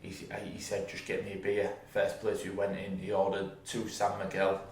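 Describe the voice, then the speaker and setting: A man's voice: deep voice, completely flat delivery, moderate pace, reverberant, a little hiss or hum. A young man, co-hosting a podcast and telling stories in a loose, chatty way with casual swearing. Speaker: podcast co-host. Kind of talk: casual chat.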